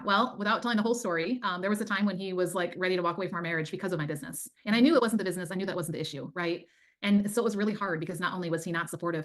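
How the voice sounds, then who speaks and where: Fast-talking earnest woman coach. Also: fairly low pitch. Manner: earnest, fast, faith-filled storytelling. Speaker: guest, time management coach. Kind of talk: casual interview chat.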